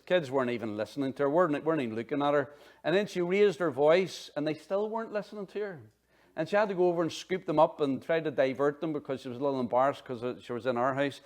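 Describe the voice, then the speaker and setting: A middle-aged man preaching a sermon in an animated, conversational way, full of asides. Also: on the high side. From Northern Ireland. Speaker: pastor.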